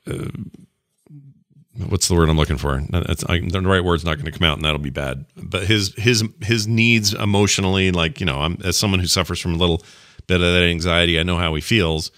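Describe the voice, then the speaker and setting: A man with a very deep voice and a sharp, forceful edge rambles through casual advice chat as a podcast co-host. His voice sounds dry and close, with little room around it. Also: steady tone, fairly quick, dry recording. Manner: rambling, acts out quoted voices, searches for words.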